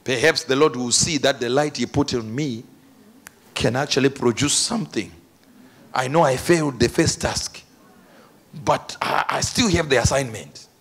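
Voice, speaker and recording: Husky-voiced man preaching dramatically. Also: medium pitch, normal speed. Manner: dramatic storytelling, building to shouts. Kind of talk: sermon.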